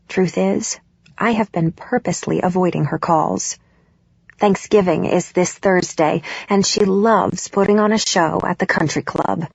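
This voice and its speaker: A woman reading a novel aloud in the first person, expressive and emotional in the dialogue. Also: lowish voice, a little slow, creaky, breathy edge, no echo, highs cut off. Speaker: audiobook narrator.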